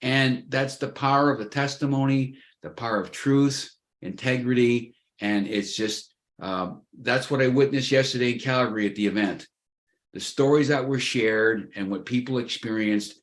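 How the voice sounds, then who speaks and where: A man's voice: mid-range voice, normal speed. A man in his fifties talking on a video call, enthusiastic and folksy and calling his listeners "folks.". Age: 50s. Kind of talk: casual chat.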